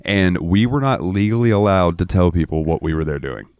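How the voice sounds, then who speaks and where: A man's voice: low voice, a little fast, darkish tone, smooth, no room sound, clean studio sound. A man from Florida co-hosting a podcast, telling rambling, profane stories in casual chat. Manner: profane, rambling, acts out quotes in raised voices. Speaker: podcast co-host.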